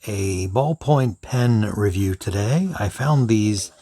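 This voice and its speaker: A man reviewing pens in an unhurried, thinking-aloud way, now and then dropping into soft whispered asides. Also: on the low side, expressive, no room sound. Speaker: pen reviewer. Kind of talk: unscripted product review.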